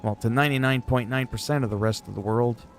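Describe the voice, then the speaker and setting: A man's voice: medium pitch, fast talker, faint music behind. A man streaming games, chatting in a rambling, joking way with some swearing. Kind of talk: casual chat while gaming.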